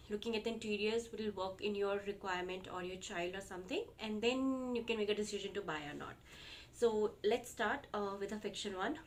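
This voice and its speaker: A woman's voice: medium pitch, slight background noise. A young woman with an Indian English accent, chatting casually as she reviews children's books, with many fillers and restarts. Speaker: parenting vlogger.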